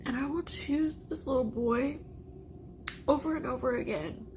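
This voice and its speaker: A single mother talking through a confessional vlog, emotional and halting with many fillers, sounding tearful. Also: high-pitched, darkish tone, husky.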